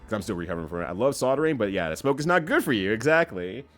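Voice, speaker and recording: Brief: male game streamer, lively swinging pitch, easy laughs, faint music under him. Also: very fast. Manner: animated, laughs often, jumps up in pitch for quoted voices. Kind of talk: casual chat while playing a game. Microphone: streaming mic.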